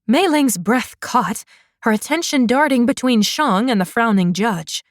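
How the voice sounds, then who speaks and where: A woman narrating a fantasy romance audiobook in a measured, unhurried manner. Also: a little high, animated, no room sound, studio quality.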